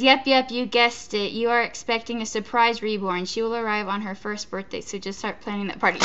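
A woman's voice: fairly high pitch, steady tone, fairly quick, few pauses, fairly bright tone, highs cut off. A woman chatting casually while opening a gift box, gushing and stammering between giggles. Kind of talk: casual unboxing chat. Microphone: off-camera, not shown.

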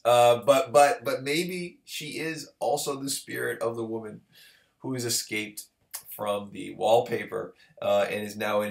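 A man's voice: lowish voice, creaky. A man giving a recorded literature lecture in a conversational way, often checking in with the listener. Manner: conversational, checks in with "right?" and "okay". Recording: roomy echo.

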